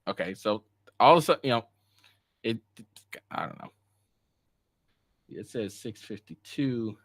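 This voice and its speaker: A streamer of Asian heritage with a lowish, slightly bright voice reacts live to a podcast drama on a dry, clean studio recording. He reads messages aloud word for word and mocks them, swearing and laughing often.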